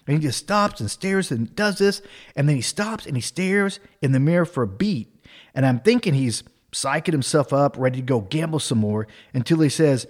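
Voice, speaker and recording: A man's voice: fairly high pitch, fairly quick. Casual man spinning a comic story. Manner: casual, animated, tag questions.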